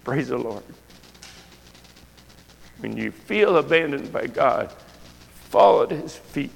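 A man's voice: medium pitch, expressive, takes it slowly, gravelly, long pauses. A male pastor preaching a sermon with passion, throwing rhetorical questions at the congregation. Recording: long reverb of a large hall.

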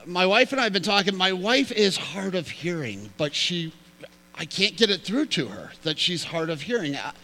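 A man playing an eager, fretful older husband in a joke during a sermon, voice pushed high and pleading. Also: very animated, normal speed, sharp tone, heavily acted.

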